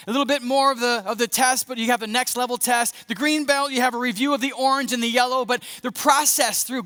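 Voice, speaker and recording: A man preaching a sermon as a pastor, conversational and animated, acting out scenes as he goes. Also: very high-pitched. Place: church sanctuary. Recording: echoey church hall.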